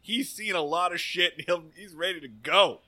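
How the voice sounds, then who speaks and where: A man's voice: high-pitched, normal speed. A man co-hosting a casual podcast chat, recapping a TV episode with swearing and hammy put-on lines. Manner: animated and swearing, acts out lines hammily. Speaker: podcast co-host.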